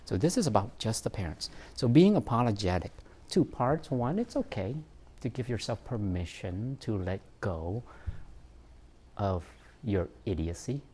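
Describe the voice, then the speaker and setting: A man's voice: lowish voice, sing-song, a little slow, mellow, husky. A man, a therapist, giving an informal talk on parenting, reflective and self-mocking, with frequent fillers and laughs.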